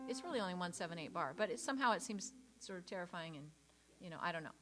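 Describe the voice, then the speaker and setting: In a rehearsal room with a piano in the background, a woman leads a choir, counting beats out loud and singing parts to demonstrate. She is patient and encouraging, speaking rapid-fire in a lowish voice with lively intonation.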